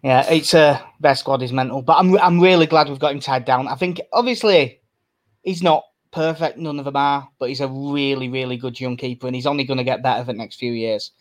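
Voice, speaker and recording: A man's voice: medium pitch, fairly quick. A man co-hosting a casual football podcast. He is chatty, laughs often and swears casually. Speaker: podcast co-host.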